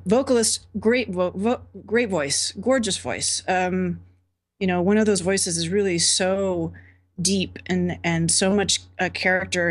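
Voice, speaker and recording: A woman on a music review panel, praising a track enthusiastically with plenty of fillers and restarts. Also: lowish voice. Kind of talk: casual panel critique.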